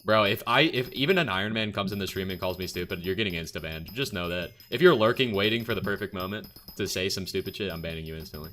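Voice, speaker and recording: A man's voice: low voice, fast, few pauses, pushed and bright, slight background noise. A young man streaming a game, casually and bluntly answering viewer questions in a chatty way.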